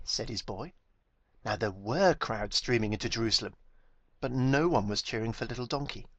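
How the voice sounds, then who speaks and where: A man reading his own children's story aloud with gentle, expressive storytelling. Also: medium pitch, moderate pace, slightly rough, no echo. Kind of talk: storybook narration.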